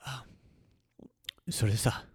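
A man's voice: normal speed, dry recording, clean studio sound. A man hosting a podcast, speaking heartfelt thanks with emotion and frequent hesitations. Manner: emotional, hesitant with many ums. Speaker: podcast host.

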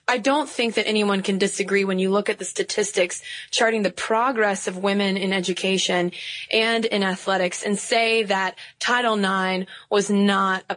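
A woman's voice: medium pitch, fairly bright tone, no room sound. Chatty woman podcast co-host. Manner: earnest, chatty, laughs easily. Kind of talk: casual podcast chat.

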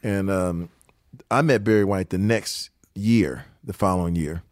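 An older man from Detroit with a deep, low voice tells studio stories in a loose, chatty way. He laughs a lot and slips into other people's voices as he goes. The sound is close and dry, with no room around it. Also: measured pace, dry recording. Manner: animated storyteller, laughs often, acts out others' lines. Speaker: session guitarist guest. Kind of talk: casual storytelling interview.

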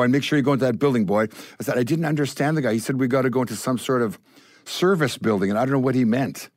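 An older Canadian man, a guest musician, telling stories in an animated way and acting out the voices of the people in them. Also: medium pitch, racing, dry recording. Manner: acts out voices in his stories. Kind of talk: animated storytelling.

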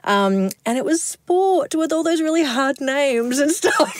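A middle-aged Australian woman, a broadcaster, telling lively anecdotes in a casual interview, often laughing between lines. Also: high voice, takes it slowly, dry recording.

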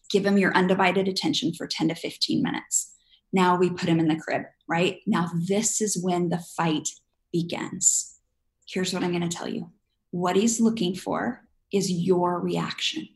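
A woman's voice: fairly low pitch, vocal fry, rough recording. Emphatic woman sleep coach. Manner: emphatic, coaching, acts out little scenes. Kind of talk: advice conversation.

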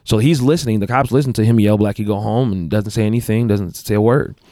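A man's voice: on the low side, quick pace, dark tone, dry recording, clean studio sound. A man who coaches basketball, telling a story in casual chat, rambling with restarts and self-corrections. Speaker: guest, basketball coach and athletic director.

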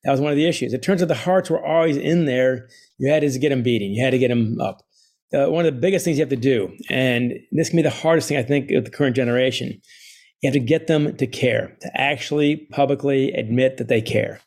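A middle-aged man, an author speaking as a guest, telling stories in an animated way and laughing often. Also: medium pitch, quick pace. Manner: energetic, quotes others in put-on voices, laughs often. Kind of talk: animated storytelling interview.

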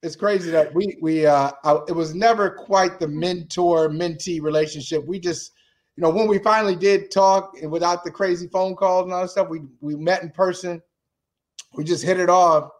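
A man, a guest, telling an old story in casual chat, laughing and excitable. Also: sits high, normal speed. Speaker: guest, co-host of another show.

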